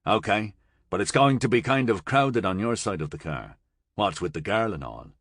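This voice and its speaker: A gruff, blunt smuggler who drawls his orders in a low, dry voice, as a male narrator puts him on. The delivery is slow and curt, with no warmth, in a close, dead-sounding recording. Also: animated, no room sound. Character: gruff tough man, a smuggler driver.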